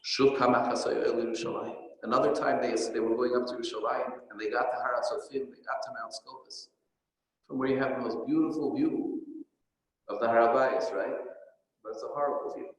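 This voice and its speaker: A man's voice: mid-range voice, fairly even intonation, brisk. A man, a rabbi, giving a Torah lecture, telling stories and explaining Hebrew and Aramaic phrases as he goes. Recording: echoey hall with long reverb.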